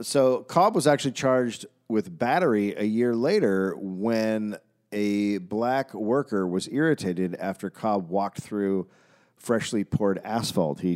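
A man co-hosting a comedy history podcast, narrating a story in a deadpan way with jokey asides. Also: fairly low pitch, measured pace.

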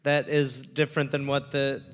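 A man co-hosting a live comedy podcast, joking quickly and reading his own plugs. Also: mid-range voice, little pitch movement. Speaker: podcast co-host.

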